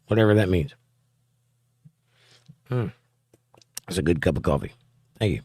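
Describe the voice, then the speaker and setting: A man's voice: lowish voice, lively intonation, a little slow, long pauses, dry recording, clean studio sound. A man hosting a casual livestream from home, reading viewer chat aloud and joking back. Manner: reads chat messages aloud, wisecracking.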